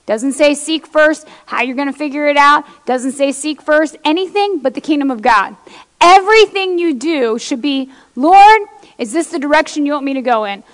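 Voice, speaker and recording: In a church, a woman preacher delivers a fervent sermon, reading scripture aloud and addressing her congregation directly. Her voice is high and animated, at a normal speed, trailed by a long reverb.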